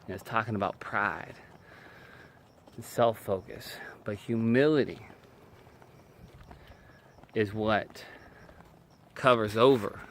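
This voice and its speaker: A low-voiced man talks slowly, pausing often, in an earnest, emphatic video about relationships rooted in faith and personal experience. He repeats short phrases and keeps saying "man," over slight background noise.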